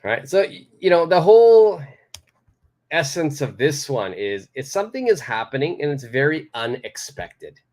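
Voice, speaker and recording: A man's voice: fairly high pitch, very animated, normal speed, a little mellow. A man from Canada teaching English idioms in a live online lesson, explaining patiently and repeating key phrases. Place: home studio in Tokyo.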